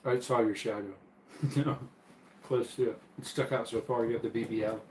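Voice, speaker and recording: A man's voice: medium pitch, fairly even intonation, moderate pace, darkish tone, reverberant, a little hiss or hum, poor audio. A man casually hosting a live stream from his bedroom, easygoing and chatty as he reads viewer comments and laughs often. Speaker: livestream host.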